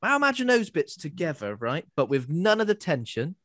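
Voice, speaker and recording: A man's voice: a little high, sing-song, brisk, a bit bright. A man co-hosting a casual film review chat with wry, sarcastic asides. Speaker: podcast co-host.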